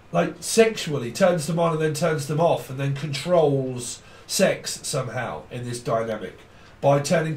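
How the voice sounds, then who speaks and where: Guy doing a tarot reading, kinda high voice, rambly and sweary, echoey room, sounds far off the mic. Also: darkish tone. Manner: rambling, blunt, swears casually. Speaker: tarot reader.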